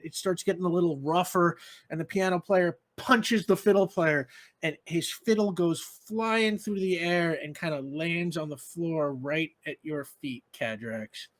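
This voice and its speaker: A man narrating a Western tabletop game as game master, in relaxed, meandering speech. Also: a little high, moderate pace. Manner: relaxed, filler-heavy narration.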